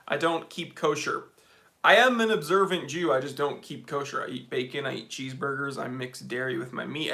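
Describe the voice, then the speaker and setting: A man's voice: a little high, fairly bright tone. A man hosting a casual live stream, chatting upbeat and reading out viewer comments with lots of fillers.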